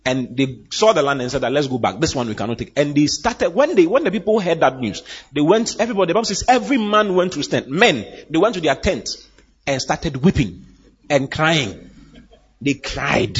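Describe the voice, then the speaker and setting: A man preaching with a lively, swooping delivery, acting out the people in his Bible stories. His voice is husky and slightly high, and the recording sounds dull and lo-fi. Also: fairly quick. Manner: animated preaching, acting out Bible characters and laughing. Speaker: pastor. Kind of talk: sermon.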